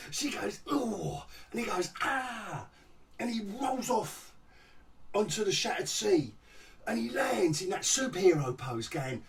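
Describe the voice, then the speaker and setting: A man's voice: sits high, big pitch swings, a little slow, pauses often, recorded from a distance, slight background noise. A man ranting sarcastically in a casual TV review vlog, rambling and mocking the show. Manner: mocking, rambling, restarts often, laughs at the show. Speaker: TV review vlogger.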